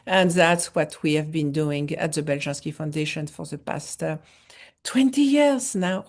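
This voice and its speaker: A middle-aged woman from France with a French accent, telling her story in an interview with many pauses and restarts. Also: sits low. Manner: halting, many fillers and restarts. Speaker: foundation founder, guest. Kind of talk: interview conversation.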